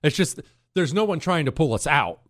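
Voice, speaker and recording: A middle-aged man hosting a talk radio show, delivering an opinionated monologue in an animated, indignant way that swings between loud outbursts and quiet asides. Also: on the high side, normal speed, no room sound, studio quality.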